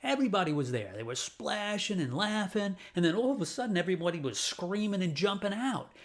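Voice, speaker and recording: Lively, animated male storyteller. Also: high-pitched, fairly quick. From New Orleans, USA. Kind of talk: told personal story with a lesson.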